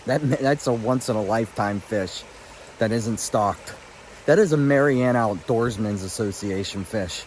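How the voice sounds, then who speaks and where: A man's voice: lowish voice, unhurried, a little mellow, a little hiss or hum. A man vlogging while fly fishing, out of breath and overwhelmed, talking into a phone while standing in a stream. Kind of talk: emotional outdoor vlog. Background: flowing stream.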